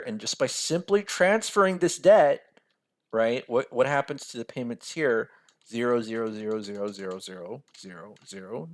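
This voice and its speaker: A man teaching a personal finance lesson over a screen share. He talks casually, keeps checking in with "right?" and laughs at himself now and then. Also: mid-range voice. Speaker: financial mentor.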